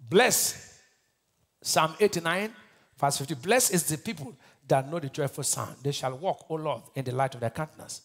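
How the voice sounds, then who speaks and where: A Nigerian pastor preaching a sermon, asking the congregation to finish his lines and swinging between shouted bursts and quiet asides. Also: on the high side, moderate pace. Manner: call-and-response preaching, asks the crowd to finish his lines.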